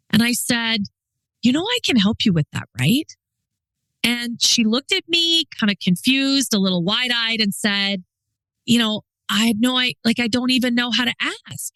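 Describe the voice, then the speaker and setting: A woman's voice: fairly high pitch, sharp tone, dry recording, poor audio. A woman in her forties hosting a solo podcast as a leadership coach, talking candidly and emphatically.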